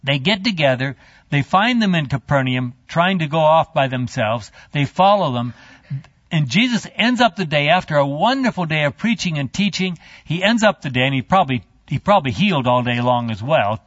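Brief: male Bible teacher, chatty storytelling, slightly high voice, dry muffled sound. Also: no echo. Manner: animated, halting, chatty. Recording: dull lo-fi dry.

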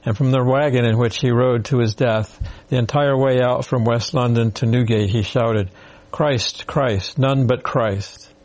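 A man's voice: mid-range voice, fairly even intonation, normal speed, hardly any pauses, a little mellow. Guy in a bible study group reading from the guide, plain middle voice.

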